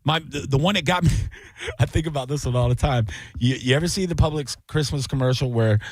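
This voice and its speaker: A man hosting a radio aftershow in casual chat, animated and laughing, acting out quotes in put-on voices. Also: medium pitch, brisk, dry recording. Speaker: radio host.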